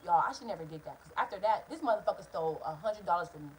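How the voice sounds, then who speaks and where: Young woman, rapid animated storytime vlog, faint room hum. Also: fairly low pitch. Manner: animated, profane, talks straight to viewers. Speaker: vlogger.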